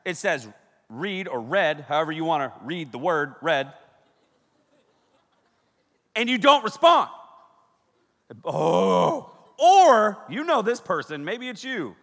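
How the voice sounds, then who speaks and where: A male pastor preaching in a playful, joking way, acting out little scenes as he talks. His voice sits a bit high and swings widely. It rings out with a long reverb from a large hall. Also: normal speed. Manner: joking, animated, acts out dialogue. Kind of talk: humorous preaching.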